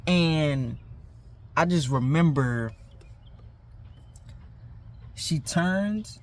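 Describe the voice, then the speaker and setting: Animated young man telling a story. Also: a little high, very slow. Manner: animated, slangy, self-mocking. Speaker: vlogger. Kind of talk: casual storytime.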